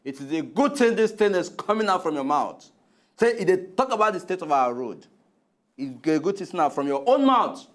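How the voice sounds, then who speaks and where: A man with a Nigerian accent co-hosting a comedic argument show, loudly heated and refusing to lower his voice. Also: sing-song, normal speed. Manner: loud, heated, insists on raising his voice. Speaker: comic co-host.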